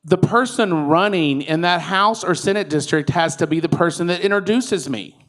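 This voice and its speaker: A man's voice: high-pitched, moderate pace, fairly bright tone. A man, a political candidate giving a chatty, joking conference speech. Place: conference room with audience.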